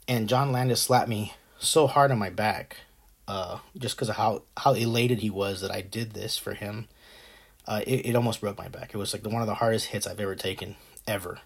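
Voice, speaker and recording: A man's voice: lowish voice, husky. A man hosting a casual show, talking with enthusiasm about a favorite film, rambling with many fillers and restarts. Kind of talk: casual movie talk.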